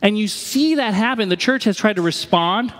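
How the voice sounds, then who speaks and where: A man's voice: high-pitched, normal speed, fairly bright tone, long reverb tail. A man preaching a sermon as pastor, conversational, and he acts out the voices he quotes.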